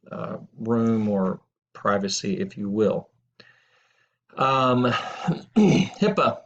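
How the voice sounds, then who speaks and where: A man's voice: mid-range voice, gravelly. A middle-aged man teaching a recorded lesson in a casual, rambling way, telling anecdotes and correcting himself as he goes. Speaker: instructor. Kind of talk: casual lecture video. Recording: dull lo-fi audio.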